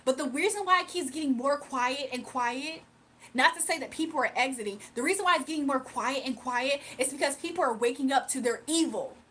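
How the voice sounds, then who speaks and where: Here a young female livestream host keeps repeating her points emphatically as she talks straight to the chat in a heated rant. Her high voice is fairly bright and a little fast, with some faint noise behind it.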